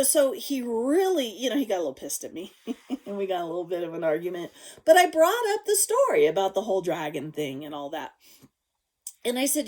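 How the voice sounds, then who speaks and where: A woman vlogger telling a personal story to her viewers, frank and casual, swearing freely, swinging between loud outbursts and hushed asides. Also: medium pitch.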